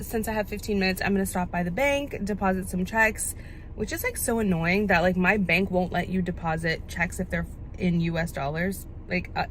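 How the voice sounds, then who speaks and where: A woman's voice: fairly low pitch, slight background noise. A young woman vlogging into her phone, rambling casually with lots of "like" as she runs errands and talks at home. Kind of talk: casual vlog chat to camera. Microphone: phone held at arm's length.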